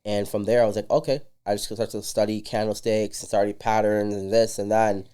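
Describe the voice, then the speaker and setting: A man's voice: on the low side, fairly quick, clean tone. A man guesting on a podcast, telling his story in casual chat and acting out the dialogue. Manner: animated storyteller who acts out dialogue. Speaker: entrepreneur guest.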